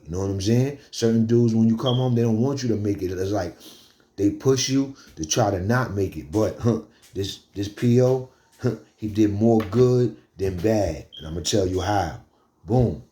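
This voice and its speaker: A man's voice: lowish voice, a little slow, mellow. A young man with a Bronx New York accent telling a prison story in casual street slang, asking "you heard?" often.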